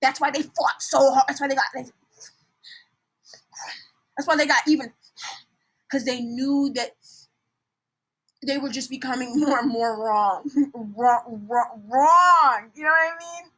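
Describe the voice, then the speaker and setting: A young woman talks through a tarot reading in a loose, animated way. Her voice sits high, dropping to near mutters and then bursting out loud, with frequent laughs and blunt language. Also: a little slow, pauses often, rough recording. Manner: animated, swings from soft mutters to shouts, laughs often, swears. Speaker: tarot reader. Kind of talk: casual tarot reading monologue.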